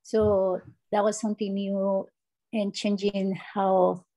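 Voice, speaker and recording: A woman on a group call sharing a story in halting second-language English, often restarting her phrases. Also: medium pitch, little pitch movement, mellow, rough recording. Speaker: call participant.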